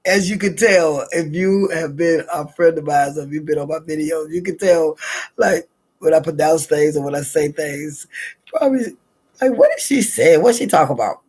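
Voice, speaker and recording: A woman's voice: deep voice, normal speed, a little mellow, husky. A middle-aged woman with a Southern US accent, chatting and telling stories in a drawling, laughing manner. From American South. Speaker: vlogger. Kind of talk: casual morning chat and storytelling.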